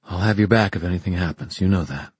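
A man's voice: low-pitched, fast talker, husky, dry recording. A man voicing a bold, loyal young woman fighter in an audiobook. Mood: reassuring.

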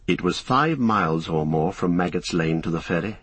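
Male narrator, low and slightly husky, measured audiobook storytelling, dry booth sound. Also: animated, fairly bright tone, dry recording.

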